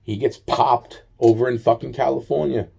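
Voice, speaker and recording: Guy ranting a long story to camera, dark mellow voice, swears a lot, keeps saying the same thing. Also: mid-range voice, steady tone, normal speed, vocal fry, breathy edge. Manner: profane, repetitive, aggrieved storytelling. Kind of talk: rambling personal monologue.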